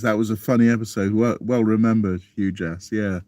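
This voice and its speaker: Man, low voice, self-deprecating chatty streamer, dry close sound. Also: steady tone, fairly quick, a little mellow, no room sound. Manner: chatty, self-deprecating, chuckles often, reads comments aloud. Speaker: vlogger reading live chat. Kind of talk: casual live stream chat.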